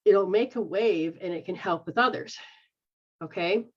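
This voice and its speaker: A woman's voice: mid-range voice, measured pace, slightly rough, highs cut off. A woman who is a psychic medium, giving rambling live readings in a frank manner, sometimes swearing and acting out the voices she quotes.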